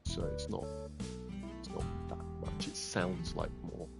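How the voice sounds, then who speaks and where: A man's voice: deep voice, little pitch movement, measured pace, creaky, soft background music. A man giving casual, self-mocking, sarcastic commentary while streaming a game.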